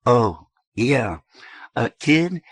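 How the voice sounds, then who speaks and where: A man voicing an awkward, earnest young man who speaks haltingly. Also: mid-range voice, big pitch swings, husky, no room sound, studio quality, pitched above the performer's own voice, exaggerated voice. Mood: hesitant. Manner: hesitant, halting.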